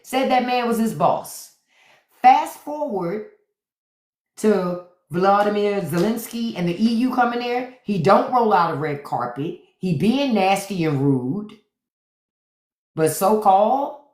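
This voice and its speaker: Blunt, profane woman livestreaming in a roomy echo. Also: mid-range voice. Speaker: livestream host. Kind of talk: unfiltered livestream commentary.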